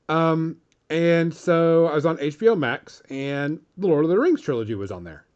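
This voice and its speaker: A man co-hosting a podcast, telling a casual story with lively swearing. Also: on the high side, a little slow, highs cut off. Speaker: podcast co-host. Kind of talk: casual chat.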